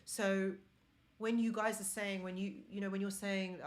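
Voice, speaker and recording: This woman's medium-pitched voice barely moves in pitch, and she keeps a moderate pace. As a live-stream host and relationship mentor with a non-native English accent, she speaks earnestly and supportively to her viewers.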